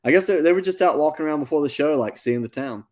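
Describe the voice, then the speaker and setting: A man, a musician guest telling a long story in a casual, animated interview. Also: on the high side, fast. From North Carolina. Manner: animated anecdote-telling, with quoted asides.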